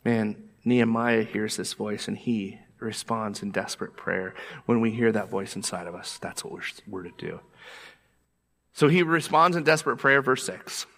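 A man preaching a sermon as pastor, animated and emphatic, repeating his points for weight. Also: on the low side, normal speed, creaky.

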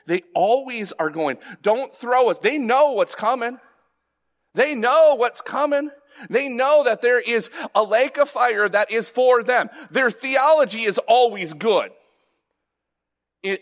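A man giving a conversational sermon, often restarting his words and rising in emphasis as he explains a scripture passage. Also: sits high. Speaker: pastor.

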